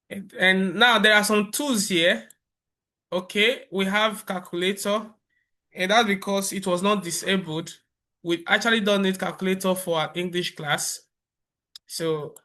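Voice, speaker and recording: Talking over screen footage, a man presents a software tutorial in an easygoing, step-by-step manner, stumbling into fillers and restarts. His voice sits high.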